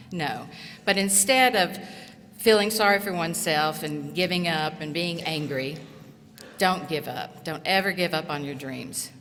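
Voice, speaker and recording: A middle-aged woman from southeast Tennessee giving an earnest, encouraging graduation speech at a podium microphone, in short, measured phrases. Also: lowish voice, fairly bright tone, slight background noise. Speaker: commencement speaker and college instructor. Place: large auditorium. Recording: echoey hall reverb.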